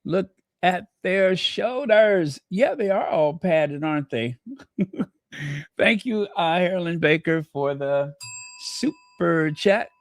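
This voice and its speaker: A man's voice: high-pitched, expressive, slow pace, vocal fry, dry recording. A man hosting a casual livestream, trading snarky gossip, thanking viewers and breaking into bits of song. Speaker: livestream host.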